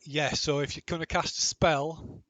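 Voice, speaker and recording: A man's voice: on the high side, level tone, fairly bright tone. A man running a tabletop game as game master, stopping and restarting often as he checks rules and tallies damage. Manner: halting, full of ums and restarts while checking rules.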